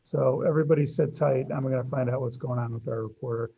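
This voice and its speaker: A man presides as judge over a hearing held by video call, his voice gravelly and husky with a dark tone. He speaks in an unhurried, procedural way. The computer mic gives dull, lo-fi call audio. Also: medium pitch, fairly even intonation.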